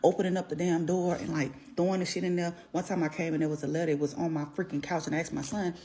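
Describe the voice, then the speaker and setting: Low-voiced woman venting profanely. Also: fairly even intonation, fast talker, warm tone, a little hiss or hum. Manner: blunt, profane, rambling venting. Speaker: mother telling a storytime. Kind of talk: casual storytime.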